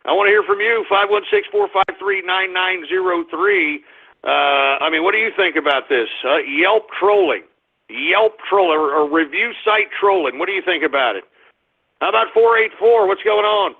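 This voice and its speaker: Ranting talk-radio host on a tinny line. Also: male voice, high voice, normal speed. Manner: ranting, profane, indignant. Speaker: call-in show host.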